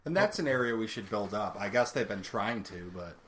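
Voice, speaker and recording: A man's voice: on the low side, animated, fairly quick, fairly bright tone. A man in casual chat, jokey and swearing offhandedly as he drifts between topics.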